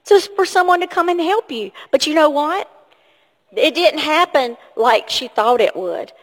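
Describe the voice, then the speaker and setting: A woman giving a children's sermon in a church, asking the kids lots of questions in an encouraging way. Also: high voice. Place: church sanctuary. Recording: long hall reverb.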